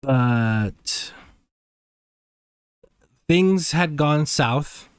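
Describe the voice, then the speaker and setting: A man's voice: fairly high pitch, lively intonation, extremely slow, clear, resonant tone, no room sound. A man co-hosting a podcast in casual chat, with laid-back, rambling phrasing and many hesitations. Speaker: podcast co-host.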